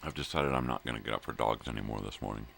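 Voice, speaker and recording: Very deep gravelly older man. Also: very fast, fairly bright tone, a little hiss or hum. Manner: rambling, profane, drifting between thoughts with fillers. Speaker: daily vlog host. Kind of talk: casual morning monologue to viewers. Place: at home in the early morning.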